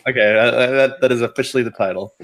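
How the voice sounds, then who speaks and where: A man from the US West Coast hosts a casual live-streamed podcast, rambling, repeating words, and restarting his sentences. His voice is medium in pitch, and he talks at a quick pace.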